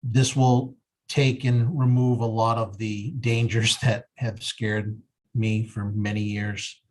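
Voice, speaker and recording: Male fire chief, lower register, earnest and halting delivery at a public meeting. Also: flat delivery, darkish tone. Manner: earnest, halting, with many 'um's and restarts.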